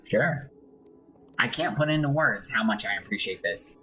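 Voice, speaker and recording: A man's voice: fairly low pitch, animated, normal speed, sharp tone, faint music behind, low-quality recording. A man voicing a desperate, hunted man who pleads frantically for help. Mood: pleading.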